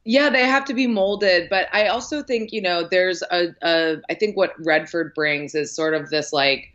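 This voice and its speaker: Woman guest, very low voice, chatty and filler-heavy, slightly muffled sound. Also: normal speed, fairly bright tone. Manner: chatty, lots of likes and ums, acts out quotes. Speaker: podcast guest, film critic. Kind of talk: casual film discussion.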